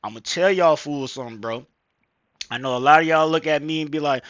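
A man's voice: on the high side, brisk, a bit bright, no room sound, dull audio. A man vlogging casually into a headset mic, rambling with slang, profanity and lots of fillers. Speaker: vlogger reacting to a video. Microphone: gaming headset microphone.

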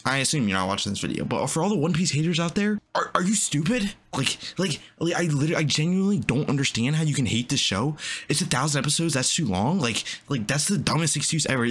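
A man's voice: fairly high pitch, fairly bright tone, husky. Breathless, hyped young man. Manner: hyped, breathless, stumbling over words. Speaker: anime reaction YouTuber. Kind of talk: excited reaction commentary.

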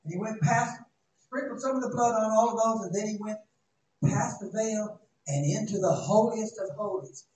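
Male pastor, high-voiced, dramatic and folksy, heard from far in a big echoing sanctuary. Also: normal speed. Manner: dramatic, shouting at peaks, folksy asides. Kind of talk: sermon. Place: church sanctuary. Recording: echoey church, distant mic, faint noise.

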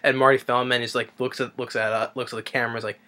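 Here a male reviewer talks fast in a mid-range, flat voice that sounds bright and forceful. He casually walks through a movie's plot, but it comes out rambling and halting, with lots of fillers and false starts.

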